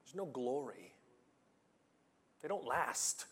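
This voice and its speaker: A man preaching a sermon with passion, reading scripture loudly and restarting his sentences when he gets excited. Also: mid-range voice, slow, slightly rough. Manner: impassioned, rising to loud emphatic reading of scripture. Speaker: pastor.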